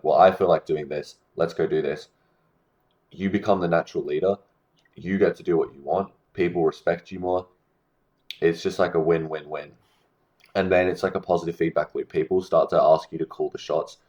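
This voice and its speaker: A man's voice: sits low, a little mellow. A young man giving casual social-skills advice straight to camera, rambling with lots of fillers and restarts. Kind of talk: casual talking-head advice monologue.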